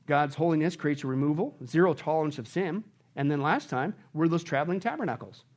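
A high-pitched man preaching from the pulpit. He swings from loud, emphatic bursts down to low, quiet stretches and keeps throwing rhetorical questions at the congregation. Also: brisk. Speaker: pastor. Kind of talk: sermon.

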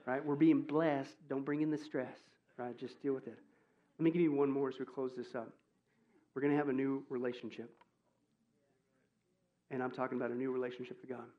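A man preaching a sermon as pastor, joking and animated, swinging from loud exclamations to hushed asides. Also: medium pitch, brisk, long pauses, muffled recording.

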